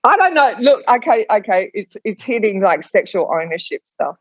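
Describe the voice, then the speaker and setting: A woman's voice: medium pitch, very animated, normal speed, dry recording. Hesitant woman, dry muffled sound. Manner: hesitant, restarts, challenges the other speakers. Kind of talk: casual chat.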